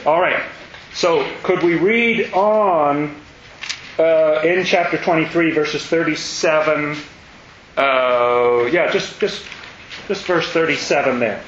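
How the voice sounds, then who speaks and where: A man leads a scripture class in a roomy, echoing room, his voice a touch higher than most men's. He thinks aloud, questioning and emphatic, often restarting his sentences. The recording is dull and muffled with faint hiss behind him. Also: slow, a bit bright. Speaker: Bible study teacher.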